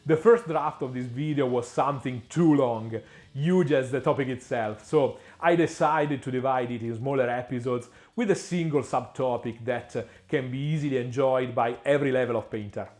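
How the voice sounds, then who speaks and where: A man giving a scripted painting tutorial, measured and explanatory, with frequent small pauses and the odd dry aside. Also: mid-range voice, darkish tone.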